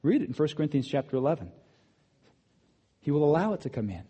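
A man preaching a sermon, swinging between loud, emphatic bursts and quiet asides. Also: a little high, very animated, fast talker, husky, dull audio. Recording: long hall reverb.

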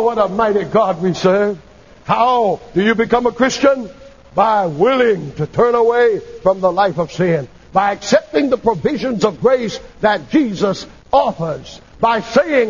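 An impassioned man preaching a sermon. He has a high, swooping voice and calls out for amens between sudden shouts. The tone is husky and the recording sounds dull and lo-fi. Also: animated, moderate pace.

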